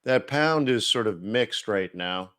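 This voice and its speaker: A man's voice: on the low side, animated, measured pace, a bit bright, no room sound. Casual rambling man, dry sound. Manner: casual, rambling, many fillers and restarts. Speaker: host of a live market-analysis stream. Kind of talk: live-stream market commentary.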